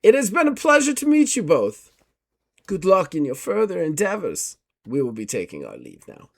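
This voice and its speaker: Guy doing a stuffy polite gentleman sleuth, talks down to everyone, bouncy pitch. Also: huge pitch swings, normal speed, creaky, full character voice. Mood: courteous. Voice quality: formal, clipped, condescending. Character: polished gentleman investigator, formal and condescending.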